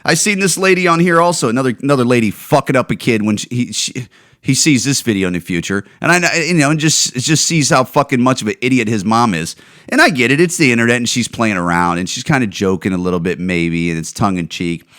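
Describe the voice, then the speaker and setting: A man's voice: mid-range voice, animated, quick pace, fairly bright tone. A man hosting a podcast, ranting in a profane, exasperated way about viral videos and stumbling over repeated words. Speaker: podcast host.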